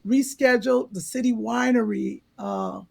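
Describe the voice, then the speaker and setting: A woman co-hosting a podcast in casual chat, throwing in quick playful remarks. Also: on the high side, steady tone, gravelly, darkish tone. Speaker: podcast co-host.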